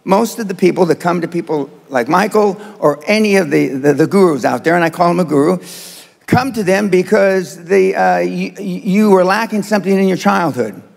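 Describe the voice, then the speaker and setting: A man's voice: high voice, normal speed, gravelly, big-room sound. A man in his seventies giving a blunt, provocative motivational speech to a live audience, with many hesitant fillers. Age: 70s. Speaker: motivational speaker.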